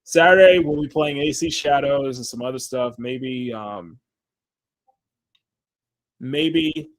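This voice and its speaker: A man's voice: medium pitch, slow pace, no echo. A man hosting a casual livestream while he draws, rambling and restarting his sentences, with frequent laughter. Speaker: livestream host.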